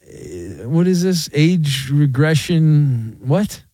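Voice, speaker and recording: A man's voice: fairly high pitch, sing-song, very slow, mellow, husky, no room sound. A man hosting a late-night sports talk radio show, sarcastic and bantering with callers, on a studio mic. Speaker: radio host.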